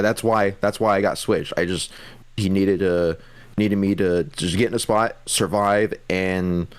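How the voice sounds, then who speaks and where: A man's voice: low-pitched, dry recording. A man co-hosting a casual podcast, reflecting on his play with lots of hesitation. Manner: hesitant, many fillers and restarts. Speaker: podcast co-host, paintball player. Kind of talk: casual chat.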